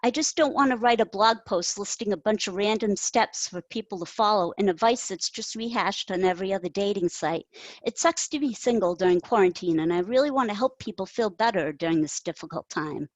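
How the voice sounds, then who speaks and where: A woman reading her own story aloud, voicing an insecure, self-doubting woman who talks earnestly and quickly. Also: medium pitch, dry recording, lightly acted, low-quality recording.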